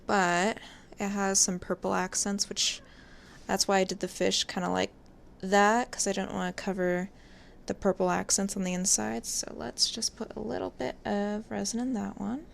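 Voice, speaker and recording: A woman narrating her own craft work in a relaxed, chatty way as she goes. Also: medium pitch, gravelly, a little hiss or hum. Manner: relaxed, chatty, talks while working. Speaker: resin artist.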